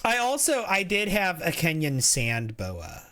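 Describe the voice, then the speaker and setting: A man's voice: a little high, wildly swooping pitch, measured pace, bright, forceful tone. A man streaming a game, chatting casually in a rambling way, reading chat aloud and often restarting his sentences.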